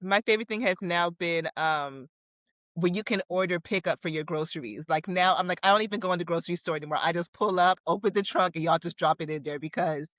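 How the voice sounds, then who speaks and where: A young woman, a photographer and new mother, talking casually as a podcast guest, animated and often laughing. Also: on the low side, fast talker, no echo. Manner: animated, laughs often, acts out her own thoughts. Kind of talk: casual conversational interview. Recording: slightly dull, lo-fi sound.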